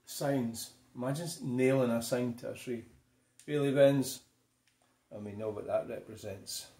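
A man's voice: medium pitch, unhurried, gravelly, dark tone. An older man with a Scottish accent rambles through a channel update in an ordinary mid-range voice. He mutters along in a loose, offhand way and swears bluntly whenever something annoys him. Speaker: YouTuber giving a channel update. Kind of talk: casual rambling chat.

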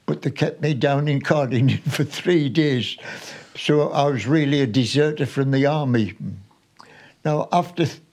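A man in his nineties from Sunderland, a war veteran recalling his wartime memories for an interviewer in an unhurried, chatty way, with small restarts. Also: mid-range voice, a little mellow. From Sunderland, North East England. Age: 90s.

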